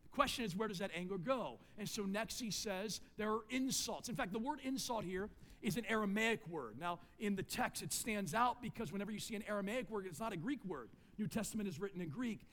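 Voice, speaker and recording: A high-pitched man delivers a sermon as a pastor. He pushes his key points out loudly, then drops into low, quiet asides. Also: lively intonation, fairly quick. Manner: swings between loud emphatic points and low quiet asides.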